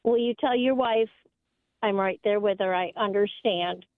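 A woman's voice: mid-range voice, normal speed, no echo. A woman from Michigan calling in to a sports radio show, talking earnestly about her team. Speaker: caller. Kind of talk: call-in radio chat. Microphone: phone line. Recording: tinny phone line.

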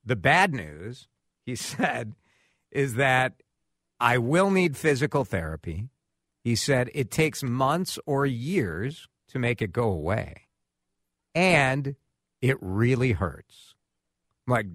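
Radio host guy, lively swoopy voice, bright, dry studio sound. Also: mid-range voice, slow, pauses often, dry recording. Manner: animated storytelling, acts out quotes. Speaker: radio talk show host. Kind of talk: casual radio chat.

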